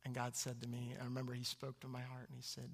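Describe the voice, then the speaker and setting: Gravelly, husky man preaching a sermon. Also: completely flat delivery, quick pace. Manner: preaching with sudden loud high swings and hushed low asides. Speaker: pastor.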